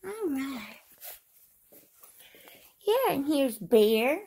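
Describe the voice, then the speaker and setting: High sing-song woman vlogging at home. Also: sing-song, very slow, warm tone. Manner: sing-song, talks to a child. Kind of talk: casual home vlog.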